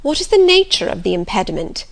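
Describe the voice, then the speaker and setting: A woman voicing an elderly male village clergyman who speaks gently and pleadingly. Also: medium pitch, sing-song, fast. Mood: grave. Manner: gentle, pleading, rising to alarm.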